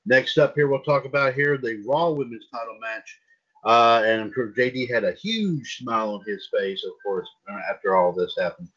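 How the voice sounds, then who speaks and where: A husky man hosts a wrestling podcast and hands the floor to his co-hosts. His pitch is average. The sound is dull and lo-fi. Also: moderate pace, a bit bright. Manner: leads the panel, asks co-hosts for takes. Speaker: podcast host.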